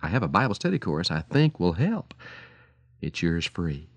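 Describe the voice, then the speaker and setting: A man's voice: low-pitched, very animated, normal speed, dry recording. A man preaching on the radio, telling stories in an earnest, pleading way and speaking to parents directly.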